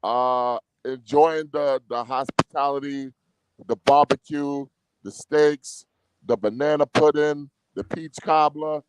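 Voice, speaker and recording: A man calling in to a boxing chat, talking in a relaxed way and laughing easily. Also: a little high, slow pace, background noise. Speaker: guest caller. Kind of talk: casual chat.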